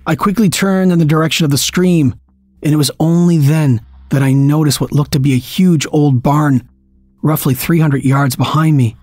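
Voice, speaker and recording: A man's voice: fairly high pitch, steady tone, normal speed, darkish tone, no room sound. Man narrating a tense story. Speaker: audiobook narrator. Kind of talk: first-person story narration.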